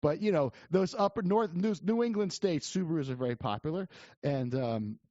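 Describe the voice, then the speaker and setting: A man co-hosts a podcast and chats about politics, circling his points with restarts and fillers. His voice sits a little high. The recording is dry and somewhat dull, like a basic home setup. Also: animated, normal speed, warm tone, no echo. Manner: rambling, many restarts and fillers. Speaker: podcast co-host. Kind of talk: casual political chat.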